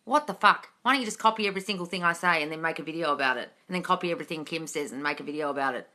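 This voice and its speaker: A woman with a deep voice talks rapid-fire in a pushed, bright tone, answering viewers on her home livestream. The chat is casual and blunt, full of swearing, and captured on a phone mic.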